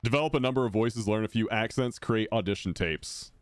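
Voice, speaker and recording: A man with a deep voice chatting casually and rambling while he streams a game. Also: fairly quick, smooth, no echo. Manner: rambling, self-correcting, laid-back. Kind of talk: casual chat while gaming.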